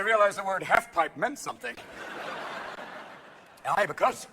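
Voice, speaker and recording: A middle-aged man doing a manic stand-up routine, switching rapidly between characters and bursting into shouts. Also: high voice, animated, creaky. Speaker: stand-up comedian. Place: theater stage before a live audience. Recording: live show recording with crowd laughter and noise.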